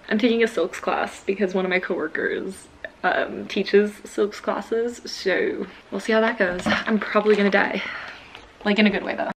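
A woman's voice: medium pitch, fairly even intonation, normal speed, a little hiss or hum. A young woman chatting casually in her home vlog, rambling and laughing often. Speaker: book vlogger.

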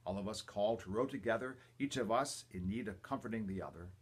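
Older male priest, deep and husky, reverent homily reading with quiet asides. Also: quick pace. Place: church or home, livestream.

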